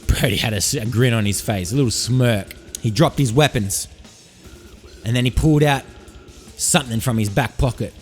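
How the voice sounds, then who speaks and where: A podcast host in Sydney tells a comic story in a rambling, profane, hyped-up monologue. He has a medium-pitched voice and a moderate pace, with soft music playing in the background.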